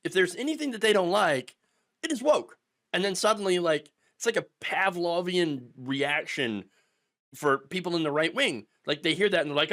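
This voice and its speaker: A man's voice: high-pitched, expressive, normal speed, a bit bright. A middle-aged man ranting through political commentary, sarcastic and mocking, sometimes putting on the voices of his opponents.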